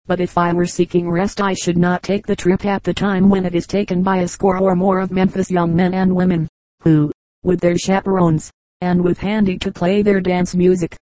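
A woman reading a travel memoir aloud in a steady, measured audiobook style. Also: lowish voice, no room sound, rough recording. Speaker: audiobook narrator.

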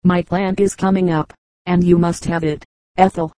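A woman's voice: on the low side, flat delivery, moderate pace, dark tone, no room sound, natural voice. A woman voicing a girl, a sulky and cross older sister, in a storybook reading, speaking curtly. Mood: earnest. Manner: cross, curt.

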